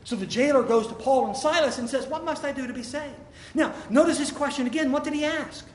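A man's voice: very high voice, brisk, slight background noise. A man preaching a sermon as a pastor, emphatic and full of rhetorical questions, speaking in a church sanctuary. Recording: echoey hall, faint room ambience.

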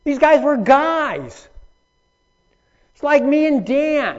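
A man's voice: extremely high pitch, lively intonation, takes it slowly. A man teaching a Bible study, reading scripture aloud and speaking emphatically to his listeners by name. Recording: dull lo-fi recording.

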